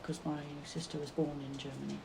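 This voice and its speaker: A middle-aged British woman, the artist's mother, reminiscing fondly in a relaxed conversation, halting and restarting as she reflects. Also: low-pitched, vocal fry, background noise. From Britain.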